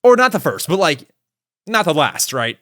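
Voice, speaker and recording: Excitable young man hosting a podcast. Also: moderate pace. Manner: excitable, swings into high exasperated rants. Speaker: podcast host. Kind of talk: casual solo podcast ramble.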